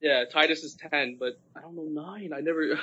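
A man's voice: fairly high pitch, moderate pace, pushed and bright, a little hiss or hum. A man competing in a casual trivia game, chatty and stammering as he thinks aloud. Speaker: contestant. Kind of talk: casual banter. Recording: dull lo-fi sound.

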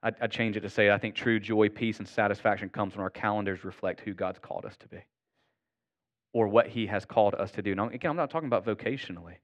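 A man's voice: lowish voice, fast talker. A man preaching a sermon to his congregation in an earnest, conversational way. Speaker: pastor.

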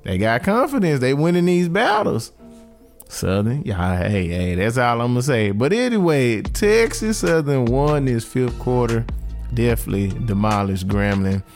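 A man's voice: medium pitch, moderate pace, faint music behind. A man hosting a casual reaction show, talking slangy and straight to his listeners about a band battle. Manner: animated, slangy, talks straight to his audience.

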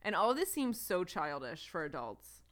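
A woman's voice: lowish voice, big pitch swings, normal speed, fairly bright tone. A woman co-hosting a podcast in casual chat, frank and casually swearing. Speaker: podcast co-host.

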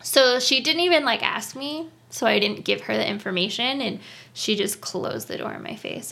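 Bright, gravelly young woman telling stories. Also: high-pitched, animated, a little fast, slight background noise. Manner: candid, emotional storytelling with lots of fillers and laughs. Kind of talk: casual chat.

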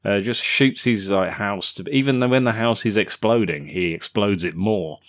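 A man's voice: on the low side, normal speed, dry recording, clean studio sound. A man co-hosting a podcast, riffing animatedly on a film, laughing often and swearing freely. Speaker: podcast co-host. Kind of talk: casual film-review chat.

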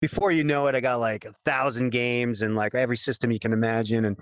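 A man as a podcast guest, telling a long story with animated quoted dialogue. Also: mid-range voice, fast talker, clean tone, no room sound. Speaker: guest game developer.

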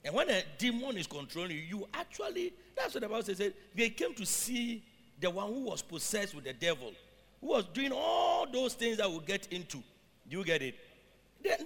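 High, gravelly male preacher in a hall. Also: wildly swooping pitch, fairly quick, fairly bright tone. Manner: reads scripture aloud then explains it, with questions to the congregation. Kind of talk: sermon.

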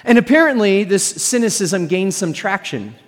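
Male pastor, higher-pitched voice, storytelling sermon with jokes to the crowd, long hall reverb. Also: lively intonation, normal speed. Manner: storytelling with humorous asides to the audience.

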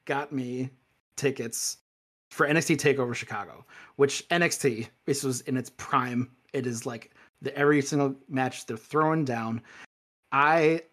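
A man co-hosting a casual chat, telling a rambling story with many restarts and growing animated as he retells it. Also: medium pitch, a little slow. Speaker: podcast co-host.

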